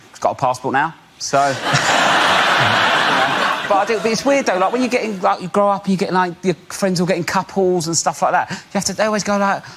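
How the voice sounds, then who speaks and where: A man's voice: sits high, background noise. A young man doing a rambling, chatty stand-up routine, full of "like" and "um". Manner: rambling, chatty, heavy use of "like" and "um". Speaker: comedian. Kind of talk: stand-up routine on a panel show.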